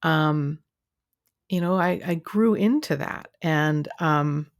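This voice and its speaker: A woman's voice: low-pitched, slow, no room sound, studio quality. A woman hosting her own podcast as a coach, talking in a chatty, rambling way with lots of fillers and restarts. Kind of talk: casual solo podcast monologue.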